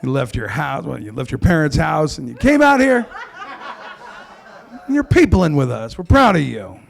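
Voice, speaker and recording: Brash crude stand-up man, gravelly voice. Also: fairly high pitch, very animated, normal speed. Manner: brash and crude, mock-outraged. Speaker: stand-up comedian. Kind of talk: stand-up comedy. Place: comedy club stage.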